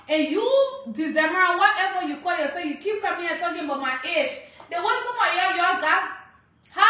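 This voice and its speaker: A woman's voice: extremely high pitch, bright, forceful tone. A young woman with a Liberian accent giving heated social media commentary, scolding and laughing between points. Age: young adult. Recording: very echoey room.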